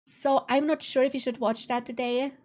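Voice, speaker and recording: A woman's voice: high-pitched, a little mellow. A woman streamer chatting casually while reacting to videos, laughing often and musing aloud.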